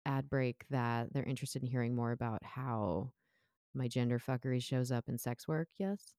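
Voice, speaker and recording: A woman's voice: a bass voice, normal speed, warm tone, dry recording, studio quality. A woman hosting a podcast, talking candidly and playfully and laughing often. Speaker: podcast host. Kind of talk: casual podcast chat.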